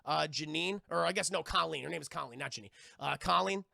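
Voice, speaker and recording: A man streaming live, excitedly recapping a TV episode for his chat, profane and acting out the characters' lines. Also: on the high side, fast, vocal fry, dry recording, studio quality. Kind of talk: animated live-stream recap with acted-out quotes.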